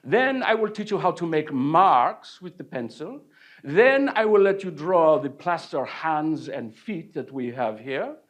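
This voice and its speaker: A haughty old art master who lays out his rules with cold scorn and bursts into shouting fury, as a man puts him on in a stage show. The voice climbs high and swings sharply as he scolds. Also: expressive, measured pace. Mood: lecturing. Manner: lecturing, then yelling. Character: snooty older male art master, scornful and bossy.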